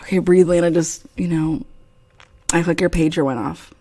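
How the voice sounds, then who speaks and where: A woman's voice: lowish voice, steady tone, moderate pace, warm tone. A woman hosting a casual livestream chat, telling crude stories and laughing often. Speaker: host.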